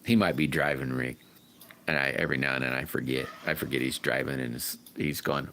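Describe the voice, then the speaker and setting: A man hosting a casual livestream, chatting to viewers and greeting them by name in a rambling, friendly way, sometimes whooping loudly. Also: a bass voice, fairly even intonation, fairly quick, slight background noise. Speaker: livestream host. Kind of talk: casual livestream chat reading viewer comments.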